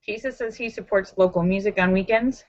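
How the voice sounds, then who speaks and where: A woman hosting a casual live-stream chat, talking in an animated, emphatic, sassy way. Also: medium pitch, fairly quick, muffled recording. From Los Angeles area. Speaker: livestream host.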